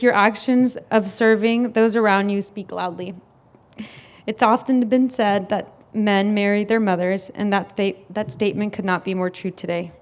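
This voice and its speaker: A woman's voice: mid-range voice, fairly even intonation, moderate pace. A young woman, the groom's sister, giving a wedding toast at a reception, laughing often and fighting back tears. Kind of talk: wedding speech.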